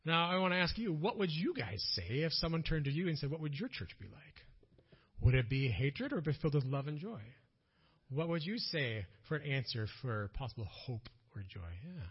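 A man's voice: fairly high pitch, big pitch swings, brisk, slightly rough, lo-fi sound. A man with a Minnesotan accent, a missionary speaker telling a story to an audience in a conversational way, with many fillers and self-corrections.

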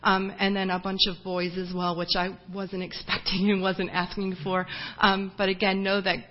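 A woman giving a lively personal ministry report to her home church, telling stories with many restarts and fillers. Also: mid-range voice, moderate pace, long reverb tail, highs cut off.

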